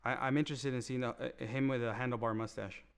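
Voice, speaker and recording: A man co-hosting a casual movie review podcast, rambling with many restarts and getting animated. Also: medium pitch, fast talker, smooth. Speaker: podcast co-host.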